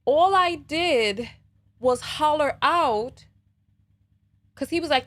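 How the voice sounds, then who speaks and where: A woman hosting a live call-in show, talking casually and telling stories in an animated way, leaning on "you know" and "right?". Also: sits high, slow, long pauses. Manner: animated storytelling.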